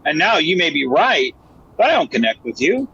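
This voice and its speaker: Animated bright-voiced man reviewing a film. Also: fairly high pitch, moderate pace, gravelly, muffled recording, a little hiss or hum. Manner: animated, acts out characters' lines in a raised voice. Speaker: podcast co-host. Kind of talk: casual review chat.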